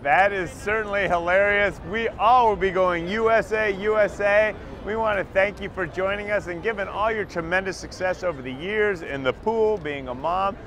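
A man's voice: high-pitched, moderate pace, hardly any pauses, a bit bright, a little hiss or hum. A man hosting a TV talk show outdoors in the city, an enthusiastic and friendly interviewer. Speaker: host.

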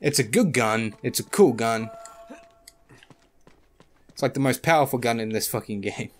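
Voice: medium pitch, moderate pace. A gamer giving casual let's-play commentary, often swearing and talking back to the game. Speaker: gameplay commentator. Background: game music and gunfire.

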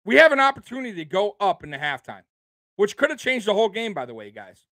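A man ranting about his team with a high, lively voice that swings widely in pitch. His delivery is heated and profane, breaking into disbelieving laughter. The sound is dry and close, with no room echo. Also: fast talker. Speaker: sports podcast host. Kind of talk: casual ranting commentary.

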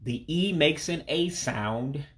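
An American man in his forties giving a casual spoken language lesson, with a relaxed and hesitant delivery that is full of fillers, repeating words slowly for practice. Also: on the high side. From United States. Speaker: language learner teaching vocabulary.

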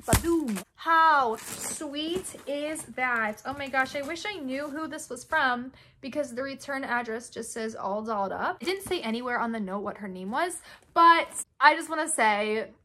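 Bright, high-voiced young woman gushing. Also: expressive, normal speed, a little hiss or hum. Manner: gushing, gasps often, reads notes aloud. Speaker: YouTuber opening fan mail. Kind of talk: excited unboxing chat.

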